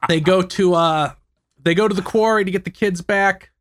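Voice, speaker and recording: Brief: podcast co-host with a bright, fairly high voice, casual, swears and laughs while recapping. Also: male voice, steady tone, moderate pace. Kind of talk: casual chat.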